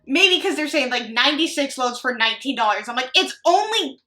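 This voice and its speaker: A woman's voice: sits high, animated, brisk, pushed and bright. A young woman hosting a reaction video, reading posts aloud and adding chatty, sarcastic asides that ramble off topic.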